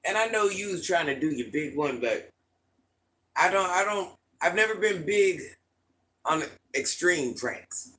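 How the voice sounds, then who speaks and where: A middle-aged man hosting a casual livestream, telling stories and answering his chat in a lively, repetitive way. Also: sits high, unhurried, poor audio. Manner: repetitive, animated storytelling, often restarts phrases. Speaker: livestream host talking to chat viewers.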